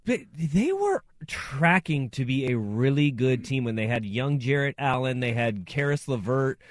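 A man co-hosting a casual chat, animated and jokey, laughing often. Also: medium pitch, a little slow, no echo, clean studio sound. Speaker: podcast co-host.

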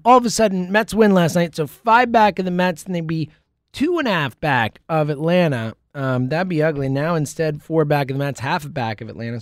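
A man hosting a sports talk show in a casual solo monologue, rambling and excitable, full of fillers and restarts. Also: high-pitched, no room sound, clean studio sound. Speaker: sports podcast host.

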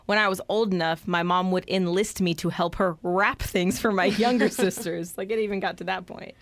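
A woman's voice: fairly low pitch, steady tone, normal speed, dry recording. Frank woman in casual chat. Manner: frank, playful, swears casually. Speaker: podcast co-host.

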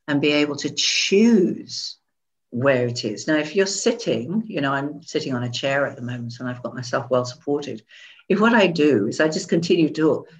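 A woman talking in an interview as a guest expert, animated, laughing often and demonstrating tones of voice while seated. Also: sits low, rough recording. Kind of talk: conversational interview. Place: seated indoors.

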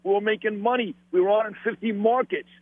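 A man's voice: sits high, steady tone, fast, no echo. A middle-aged man with a Brooklyn accent, a radio host telling blunt, profane stories in casual conversation. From Brooklyn, New York. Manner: blunt, profane, emphatic storytelling. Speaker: radio host, podcast guest. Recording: dry tinny phone-line audio.

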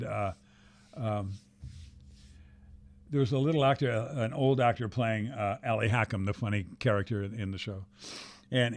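An older man tells stories in a relaxed interview, animated and loose, often restarting phrases and swearing freely. His voice sits at an ordinary pitch and sounds dry and close, with no room around it. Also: no echo. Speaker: guest actor. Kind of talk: casual interview storytelling.

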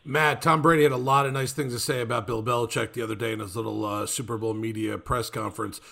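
A man co-hosting a sports radio show fires off a joking question fast. His voice is gravelly and sits at an ordinary pitch. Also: fairly even intonation, fairly bright tone. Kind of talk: casual radio interview.

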